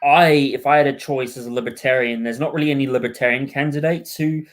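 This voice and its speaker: Halting, friendly man hosting a podcast. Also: mid-range voice, fairly even intonation. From Wales. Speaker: podcast host. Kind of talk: casual political chat.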